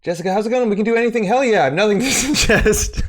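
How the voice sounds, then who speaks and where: Chatty streamer, a bit out of breath. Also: male voice, high voice, very fast. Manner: chatty, greets viewers by name. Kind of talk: live-stream chat about a card game. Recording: faint music behind.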